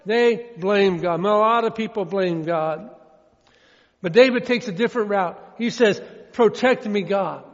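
A man preaches in a plain, folksy way, saying his points again and again and slowing down on the verses he quotes. His voice sits high for a man. The sound is dull and lo-fi, with a long reverb trailing behind him. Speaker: pastor. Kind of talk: sermon.

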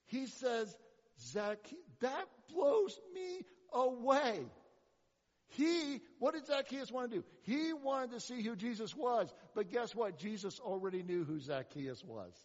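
Pastor, man, high-pitched, sarcastic sermon voice, muffled hall sound. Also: unhurried. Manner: animated, rhetorical questions, sarcastic asides.

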